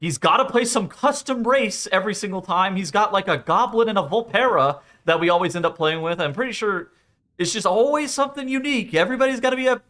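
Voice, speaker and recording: A man's voice: high-pitched, lively intonation, quick pace, fairly bright tone. A man chatting casually on a game stream, rambling, swearing freely and laughing often.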